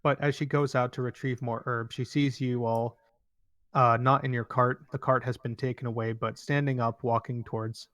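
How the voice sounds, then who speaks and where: A man's voice: mid-range voice, flat delivery, normal speed, fairly bright tone, no echo. A young man narrating as game master in a loose, rambling way with many fillers.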